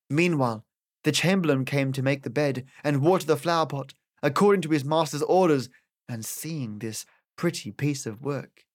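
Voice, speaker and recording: A man with an Australian accent reading an old fairy tale aloud as narrator, in an expressive, dramatic way. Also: medium pitch. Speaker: audiobook narrator, podcast host. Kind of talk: storybook narration.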